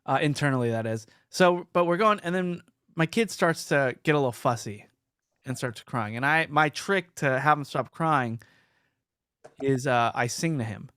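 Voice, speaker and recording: A man's voice: medium pitch, moderate pace, clear, resonant tone, no room sound, clean studio sound. A man hosting a podcast, telling stories in casual chat and reading out listener comments. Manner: animated storytelling, reads listener comments. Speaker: podcast host.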